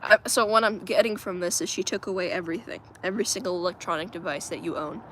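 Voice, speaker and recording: A woman's voice: on the low side, fast, fairly bright tone, a little hiss or hum. A woman livestreaming from home on her phone, chatting casually with viewers, reading their comments aloud and laughing often. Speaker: livestream host.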